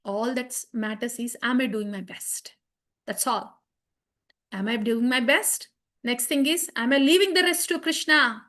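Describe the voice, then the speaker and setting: Earnest high-voiced woman teaching children. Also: unhurried, a bit bright. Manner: earnest, repeats phrases, asks the class questions. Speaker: Bhagavad Gita teacher for children. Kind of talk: class teaching with verse chanting.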